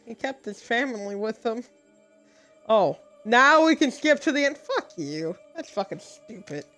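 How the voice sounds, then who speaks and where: A woman's voice: on the high side, expressive, a little slow, fairly bright tone. A young woman giving gameplay commentary, exasperated and swearing at the screen. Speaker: gaming video creator. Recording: voice over game audio with music. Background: game music.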